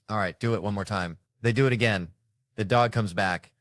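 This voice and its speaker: Man, stand-up comedian, low voice, dry close sound, swearing, rambling stories. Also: a little fast, fairly bright tone, no echo. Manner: profane, rambling storytelling. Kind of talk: stand-up set.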